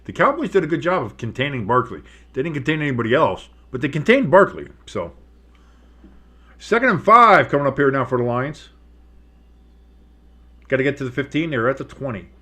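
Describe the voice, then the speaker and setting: A man's voice: medium pitch, sing-song, brisk, pauses often, bright, forceful tone, husky. A tired man doing casual play-by-play commentary on a football game from his home setup, breaking off the calls with asides and other scores. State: tired, yawning. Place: home studio with a dog and fireworks outside.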